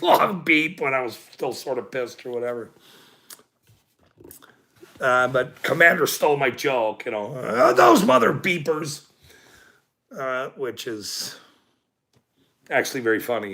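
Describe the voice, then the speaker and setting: A man's voice: mid-range voice, unhurried, sharp tone. A man ranting with heavy swearing and then chatting casually, laughing often and rambling as he talks to his viewers.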